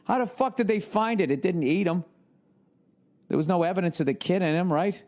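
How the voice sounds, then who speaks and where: A man's voice: sits high, brisk. A man in his forties with an American accent, hosting a podcast with a rambling, profane comedic monologue. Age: 40s. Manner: profane, animated storytelling with frequent restarts. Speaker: podcast host.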